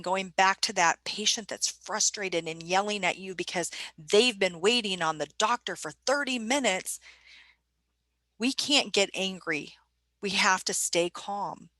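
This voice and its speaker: A woman's voice: medium pitch, bright, forceful tone, no room sound. A woman presenting a staff training webinar in a conversational way, putting questions to her audience.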